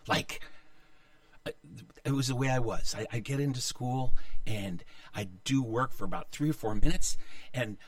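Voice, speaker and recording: A man telling a childhood story, animated and acting out the voices of the people in it. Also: mid-range voice, moderate pace, no echo, distant mic. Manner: animated, acts out voices of others.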